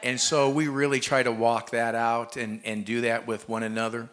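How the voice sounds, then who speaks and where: A man's voice: mid-range voice, little pitch movement, moderate pace, a bit bright. A man pastor encouraging a congregation during a sermon, exhorting them and punctuating points with amen. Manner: encouraging, exhorting, frequent amens. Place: church hall in Malta.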